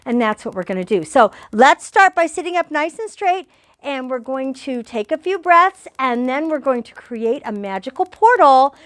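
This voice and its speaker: A woman's voice: high voice, very animated, moderate pace, fairly bright tone, no room sound. An older woman, a grandmother, leading a children's yoga lesson with a cheerful, playful coaching voice. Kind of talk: guided kids' yoga lesson.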